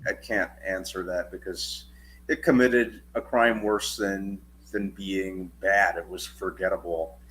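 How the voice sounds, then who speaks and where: Low-voiced man with a faint hum behind. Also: fairly even intonation, unhurried, fairly bright tone, poor audio. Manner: stammering restarts, earnest opinions. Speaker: podcast co-host. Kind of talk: casual movie review chat.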